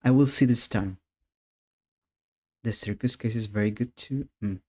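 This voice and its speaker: A man's voice: lowish voice, a little slow, dark tone. A man chatting casually while streaming a game, laughing often and restarting his sentences.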